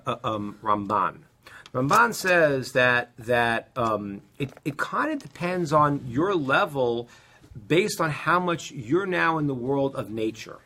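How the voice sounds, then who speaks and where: A middle-aged man teaching a casual Torah class, telling stories with many restarts and animated asides. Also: fairly high pitch.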